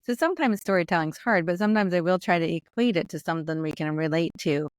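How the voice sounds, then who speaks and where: A woman guest on a podcast explaining her ideas over a remote call in a relaxed way, often saying "I feel like". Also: fairly low pitch, quick pace, no echo, studio quality. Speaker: podcast guest, business founder. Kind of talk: conversational interview answers.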